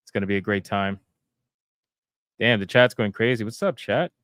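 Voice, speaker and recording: A male guest streamer cracking self-mocking jokes as he takes over the show. His voice is low and smooth, with a clean, resonant tone. The sound is dry and close to the mic. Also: normal speed, a bit bright, no room sound. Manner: joking, self-mocking, upbeat. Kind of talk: casual livestream chat.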